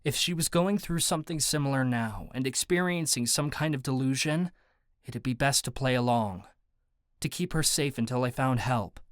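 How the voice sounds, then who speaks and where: A man narrating a first-person audiobook in a steady, even storytelling manner. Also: medium pitch, normal speed, no room sound, studio quality. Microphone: close studio mic.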